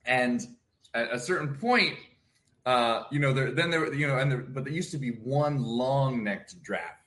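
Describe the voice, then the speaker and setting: A man's voice: mid-range voice, normal speed, a bit bright. A man co-hosting a morning radio show, telling a rambling story casually and chuckling.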